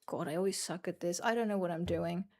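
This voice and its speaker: With a voice on the low side and a darkish tone, a young woman from the Netherlands talks fast while commentating her gameplay. She's a chatty streamer who swears freely, jokes at her own expense and rambles to viewers.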